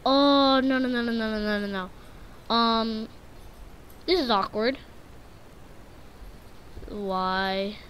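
A woman's voice: mid-range voice, a bit bright, a little hiss or hum. A woman giving live gameplay commentary, jittery and easily frightened, repeating words in nervous strings and breaking into sudden shrieks. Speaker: gaming channel host.

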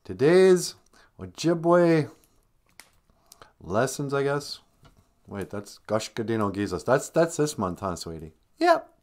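Speaking slowly with long pauses, a man with a mid-range, somewhat dark voice lets his pitch swoop wildly. He hosts a casual live stream where he teaches words, teases viewers playfully, and throws in jokey mock-stern scolding.

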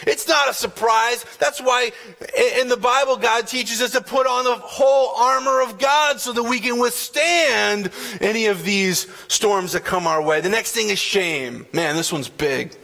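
A male pastor preaching a sermon in a church, his voice pitched high and gravelly with fry. He talks emphatically, acting out the voices in the story as he goes. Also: a little slow, bright, forceful tone. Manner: emphatic preaching with repeated "man" and acted quotes. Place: church sanctuary.

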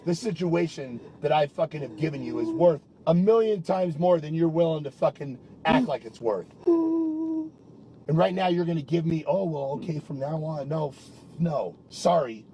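A man's voice: a little high, sing-song, normal speed, warm tone, a little hiss or hum. A man in a heated private argument, talking in an angry, profane, accusing rant.

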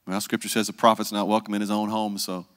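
A male pastor, preaching a conversational sermon and dropping to a hush for the solemn parts. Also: lowish voice, little pitch movement, fast, in a large hall. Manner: conversational preaching, acts out quoted voices, drops to hushed tones.

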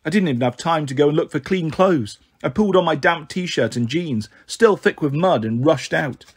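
A man narrating a children's novel in a steady first-person reading. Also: on the high side, normal speed, breathy edge. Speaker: storyteller.

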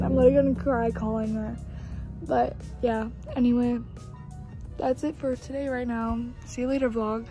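A woman's voice: a little high, fairly even intonation, normal speed, mellow, soft background music. A young woman chatting casually in a home vlog, gushing and swearing freely, with lots of "like"s. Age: young adult. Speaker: vlogger.

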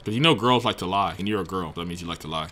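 A man's voice: sits low, rapid-fire, bright, forceful tone, a little hiss or hum. A man hosting a video chat prank show, teasing strangers in a playful, mock-serious way. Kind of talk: casual trolling banter on video chat. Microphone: computer mic on video chat.

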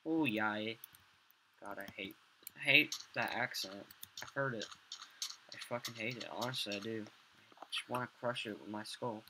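A man's voice: fairly low pitch, normal speed, pauses often. A young man swearing and muttering to himself as he builds in a game, rambling casual commentary. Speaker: gamer. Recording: loud background noise, mouse clicks.

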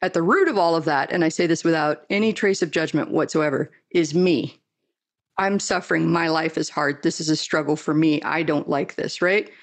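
A woman's voice: sits low, normal speed. A woman hosting a podcast interview, speaking in an emphatic, fired-up motivational way. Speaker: podcast host. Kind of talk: casual interview chat.

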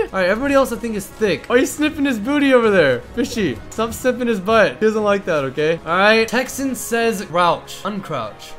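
Young man, high lively voice, bright tone, excited gaming commentary, soft music behind. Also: a little fast, few pauses. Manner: energetic, bursts into laughter and shouts. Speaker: gaming YouTuber hosting a fashion show.

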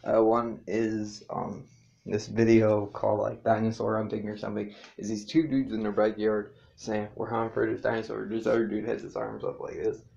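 A man talks through a casual vlog with a low, gravelly voice. He rambles and swears freely and keeps circling back to correct himself. The recording is dull and lo-fi. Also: level tone, normal speed, dark tone, slight background noise. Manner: rambling, loose and profane, with many fillers and self-corrections. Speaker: YouTuber answering a tag questionnaire.

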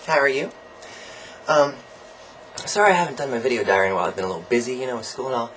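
A young man in a mid-range voice rants into his video diary, camp and sarcastic, swearing freely and leaping between high, loud bursts and low mutters. A faint hiss sits under the recording. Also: very fast, poor audio. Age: young adult. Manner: animated, campy and profane, with big swings in pitch and loudness; sarcastic, jokey asides. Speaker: college student vlogger. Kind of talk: casual video diary rant.

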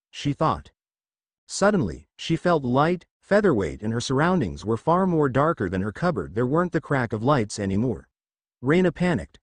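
Male fanfiction narrator, expressive audiobook read, dry close mic. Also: mid-range voice, normal speed, no echo.

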